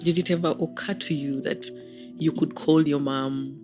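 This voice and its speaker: A woman's voice: sits low, steady tone, moderate pace, music in the background. A woman interviewing a guest, asking friendly questions with easy laughter.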